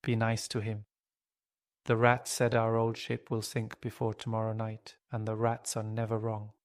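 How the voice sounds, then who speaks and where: Storybook owl, quiet and urgent, barely above a whisper, read by a male narrator. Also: lowish voice, monotone, normal speed, no echo, clean studio sound, close to an everyday voice. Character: wise cautious owl.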